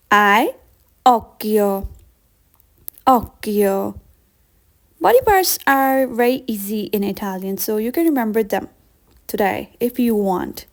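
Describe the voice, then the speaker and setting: A woman leads a beginner vocabulary lesson at an unhurried pace. She pronounces each word with care and repeats it for the listener to copy. Her voice sits somewhat high, and she sounds patient and encouraging. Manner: slow, careful repetition of words. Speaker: language teacher.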